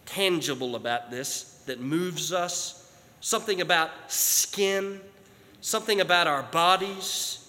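A male preacher delivering a sermon. He slows down and drops low on key phrases. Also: pushed and bright. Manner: dramatic, slowing down and dropping low on key phrases. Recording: hall reverb.

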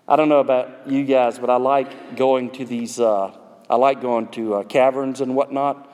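A man's voice: mid-range voice, fairly even intonation, normal speed, a little mellow. Preacher man in a reverberant hall. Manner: conversational, digressive, with asides to the audience. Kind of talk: expository sermon. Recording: long reverb in a large hall.

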